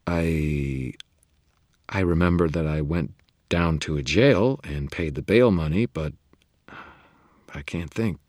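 A man's voice: rumbling low, slow pace, long pauses, a little mellow, dry recording, clean studio sound. A man reading an audiobook voices a guarded young woman reporter, curt and suspicious, in a lifted tone. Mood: uneasy.

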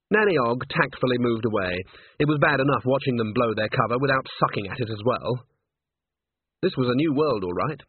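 Husky male narrator on a tinny line. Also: medium pitch, dry recording. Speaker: audiobook narrator. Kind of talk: scripted narration. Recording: narrow phone-like band.

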